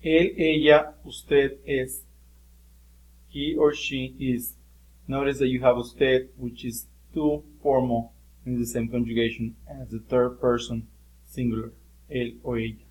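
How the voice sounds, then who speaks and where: A man's voice: medium pitch, flat delivery, unhurried, darkish tone, rough recording. A man teaching a lesson, explaining patiently with occasional fillers. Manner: explains patiently with fillers, switching between English and Spanish. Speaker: Spanish teacher. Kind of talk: recorded classroom lesson.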